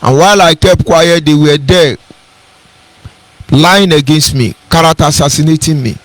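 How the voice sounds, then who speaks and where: Brief: high-voiced Nigerian man, emphatic radio broadcaster who preaches and repeats himself, close dry sound. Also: moderate pace, no room sound. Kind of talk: impassioned radio address.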